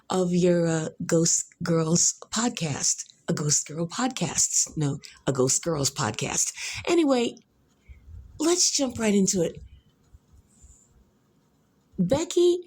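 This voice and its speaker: A woman's voice: lowish voice, a little mellow, slightly rough. A woman hosting a podcast, giving rambling reaction commentary, exclamatory and profane, repeating herself. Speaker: podcast host reacting to a video.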